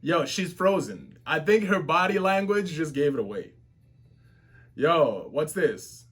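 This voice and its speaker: A man reacts to a comic in a casual, slang-heavy way, full of exclamations. His voice sits high for a man. He talks at an unhurried pace between his outbursts. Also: big pitch swings, fairly bright tone, breathy edge. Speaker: webtoon reactor.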